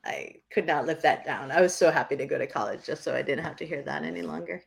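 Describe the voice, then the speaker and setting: A woman's voice: low-pitched, fast talker, creaky, slightly rough. A woman from New Hampshire co-hosting a podcast, telling stories in casual chat and laughing often. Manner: lively storyteller who laughs often. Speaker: podcast co-host.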